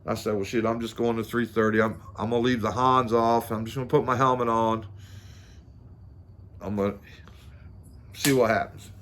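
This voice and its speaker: A man's voice: lowish voice, fairly even intonation, moderate pace, long pauses, a bit bright, a little hiss or hum. A middle-aged man, casually telling a rambling story to the camera with lots of fillers, restarts and the odd curse. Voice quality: plain-spoken and informal, swears casually. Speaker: amateur drag racer.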